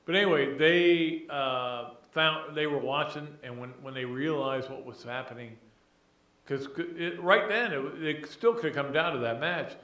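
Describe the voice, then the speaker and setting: A middle-aged man hosting a sports podcast, talking casually in a rambling, animated, emotional way with many restarts. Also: a little high, normal speed. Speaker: podcast host. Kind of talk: casual sports talk monologue. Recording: roomy echo.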